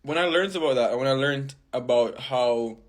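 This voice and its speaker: A man's voice: mid-range voice, normal speed. A man in casual commentary, chatty and thinking aloud. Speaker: reaction host.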